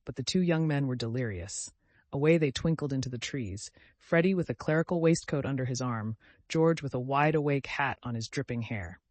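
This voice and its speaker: A man narrating a classic novel as an audiobook, reading in an expressive storytelling manner. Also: medium pitch, brisk, no room sound. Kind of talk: scripted narration.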